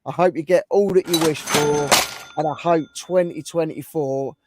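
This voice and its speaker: A man hosting a casual livestream, thanking viewers warmly while his voice goes hoarse. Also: fairly high pitch, steady tone, moderate pace, very noisy. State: voice going hoarse. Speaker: livestream host.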